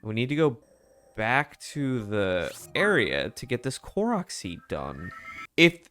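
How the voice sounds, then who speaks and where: Casual man, game commentary, animated pitch, soft game music underneath. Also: slow pace. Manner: casual, chuckling asides while playing. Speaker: video game streamer. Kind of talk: let's play commentary.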